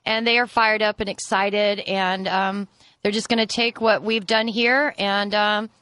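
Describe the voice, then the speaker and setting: A woman's voice: medium pitch, level tone, a little slow, pushed and bright, no echo. A woman appearing as a guest on a radio show, chatting enthusiastically about her charity work and laughing easily. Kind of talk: casual radio chat.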